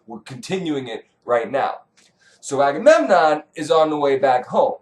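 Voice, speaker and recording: A man's voice: a little high, expressive, moderate pace. A man retelling an old myth as comedy, sarcastic, profane and rambling. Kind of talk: irreverent comic retelling.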